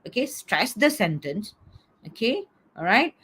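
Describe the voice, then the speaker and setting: A middle-aged woman teaches an online class over a video call, coaxing her students and asking "okay?" after nearly every point. Her medium-pitched voice is sing-song and fairly bright with a slight roughness, and she keeps a measured pace.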